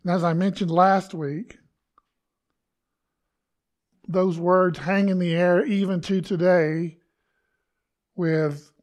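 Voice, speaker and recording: A man's voice: high-pitched, steady tone, slow, long pauses, a little mellow. A man preaching a conversational sermon to his congregation, acting out quoted lines with emphasis. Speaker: pastor.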